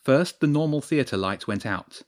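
A man narrating a story in a steady storytelling voice. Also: mid-range voice, a little slow. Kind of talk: scripted narration.

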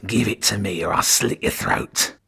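A man voicing a sneering, raspy male rat who threatens sharply in a storybook reading. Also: fairly low pitch, moderate pace, bright, forceful tone, full character voice. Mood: menacing. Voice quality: raspy, spittle-laced.

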